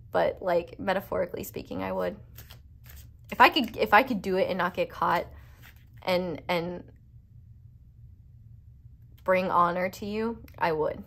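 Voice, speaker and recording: A woman's voice: lowish voice, moderate pace, creaky, pauses often, fairly bright tone. A woman giving a casual pick-a-card tarot reading, chatty and rambling with playful, self-mocking asides. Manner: chatty and rambling, full of "like" fillers. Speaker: tarot reader.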